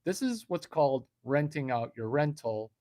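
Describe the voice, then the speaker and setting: A man's voice: on the high side, very animated, normal speed, mellow, dry recording, studio quality. A man hosting a comedic livestream, ranting in a brash, profane way and reading chat messages aloud. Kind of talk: unscripted comedic rant.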